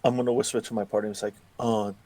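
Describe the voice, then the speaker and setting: A man's voice: fairly low pitch, little pitch movement, racing, mellow, a little hiss or hum. A man playing a tabletop game, speaking in a formal, diplomatic way when in character. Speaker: player.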